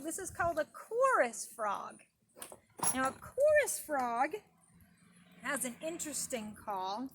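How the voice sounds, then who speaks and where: Animated high-pitched storytime lady. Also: background noise. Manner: animated, sing-song teacher voice addressing small children. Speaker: children's librarian leading storytime. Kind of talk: preschool storytime lesson, outdoors. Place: garden by a pond, outdoors.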